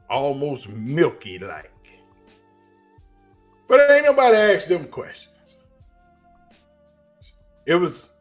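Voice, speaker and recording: Speaking in a mid-range voice with a Southern US accent, a man delivers casual, animated sports commentary on a livestream, telling stories full of slang.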